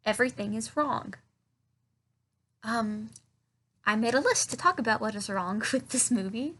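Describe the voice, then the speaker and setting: Woman reviewer, casual vlog rant; rambling, profane, incredulous, somewhat high. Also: lively intonation, a little slow, bright, forceful tone. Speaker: film reviewer.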